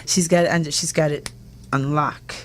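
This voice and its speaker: A woman hosting a casual talk show, enthusiastic and quick to laugh with her guests. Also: sits low, fairly even intonation, slight background noise. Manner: warm, enthusiastic, laughs often. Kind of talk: casual chat.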